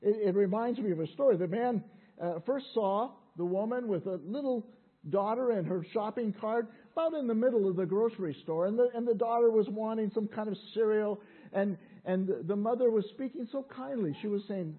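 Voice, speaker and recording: A man's voice: sits high, a little fast, husky. A man preaching a sermon in a conversational way, often repeating words as he restarts. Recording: tinny phone-like sound.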